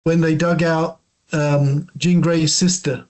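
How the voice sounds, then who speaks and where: A man who is a guest on a podcast, talking thoughtfully and with strong opinions, often pausing with fillers. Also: on the high side, level tone, a little mellow. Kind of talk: casual chat.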